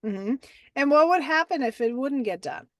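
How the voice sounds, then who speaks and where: This is a woman with a German accent who hosts a mentorship call. Her voice sits a little high, and she talks in a lively, chatty way, leaning on "like" and "right?" as she coaches. The sound is dry and close. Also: moderate pace, no room sound. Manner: animated and chatty, many fillers like "like" and "right?". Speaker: mentorship group host. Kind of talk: casual coaching talk on a group call.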